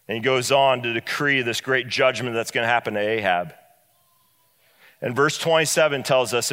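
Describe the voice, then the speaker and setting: Bright-voiced preacher in an echoey hall. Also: male voice, mid-range voice, a little fast, clean tone. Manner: animated storytelling, acts out the characters. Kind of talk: sermon retelling a Bible story.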